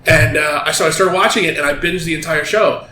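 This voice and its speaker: A man hosting a casual podcast, talking in a fairly high voice and retelling scenes with animated energy and plenty of swearing. The sound is roomy, with a faint ambient hum behind him. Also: a little fast. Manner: animated storyteller, swears freely. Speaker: podcast host.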